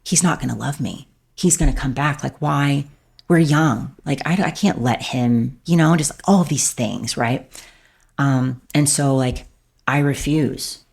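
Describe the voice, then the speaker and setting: Woman guest on a podcast, gravelly fry in her voice, rambly and candid, like like like. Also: a bass voice, unhurried, darkish tone. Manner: rambling, fills every phrase with "like". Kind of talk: candid personal storytelling.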